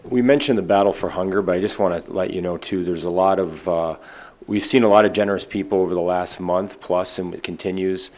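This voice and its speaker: A man with a very deep voice speaks as superintendent at a school board meeting. His remarks are loose and conversational, with fillers and restarts. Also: a little fast, darkish tone. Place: public boardroom.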